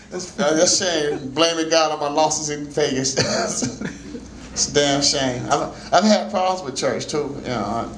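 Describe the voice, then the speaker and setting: Man in his forties, stand-up comic, slightly high voice, laughing storyteller, echoey club room, faint background noise. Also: unhurried. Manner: loose, laughing storytelling with shouted bursts. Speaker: stand-up comedian. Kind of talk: stand-up comedy set. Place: small jazz club at an open mic.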